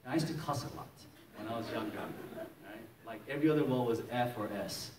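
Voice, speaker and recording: A Maryland pastor races through his testimony in a sermon, his medium-pitched voice fast amid crowd noise as he acts out scenes and laughs often. It's lively storytelling, recorded with roomy echo, a distant mic, and faint noise.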